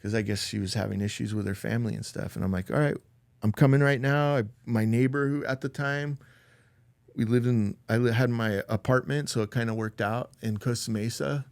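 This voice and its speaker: A man's voice: medium pitch, a little fast, vocal fry, a little mellow, no echo, studio quality. Man rambling through a personal story. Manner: loose, rambling, with lots of "like" and "dude"; acts out quoted dialogue in a raised voice. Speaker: podcast guest.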